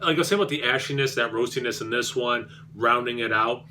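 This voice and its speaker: A man's voice: mid-range voice, quick pace, pushed and bright, slight background noise. A man reviewing beer on his vlog, rambling and self-deprecating, with many fillers and restarts.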